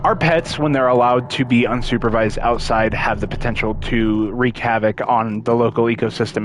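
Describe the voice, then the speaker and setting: Against a noisy background, a young man with a steady, medium-pitched voice chats casually while streaming a game, at a moderate pace with hardly any pauses. His gameplay commentary rambles, and he stumbles over words as he reads aloud.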